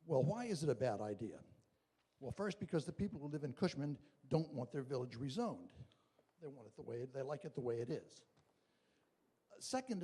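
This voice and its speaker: A man with a dark, husky voice makes a deliberate, argumentative statement from the floor of a town meeting. His words ring out through a large hall with a long reverb. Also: fairly high pitch. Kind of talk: formal public statement.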